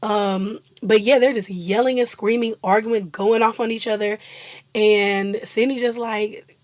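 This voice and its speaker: A woman's voice: medium pitch, steady tone, a little slow, no room sound. A young woman chatting casually and laughing often as a vlogger. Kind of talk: casual chat.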